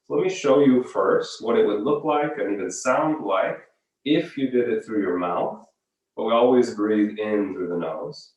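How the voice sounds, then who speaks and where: A male yoga teacher guides a breathing practice with calm, unhurried cues. His voice sits at an ordinary middle pitch. It sounds distant and booms around a very echoey room.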